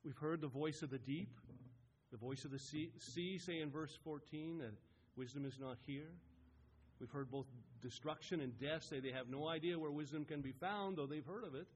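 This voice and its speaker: A man preaching a sermon as a pastor, swelling to loud emphatic peaks and dropping to quiet, slow phrases. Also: a little high, a little hiss or hum. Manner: rising and falling in emphasis, building to loud peaks.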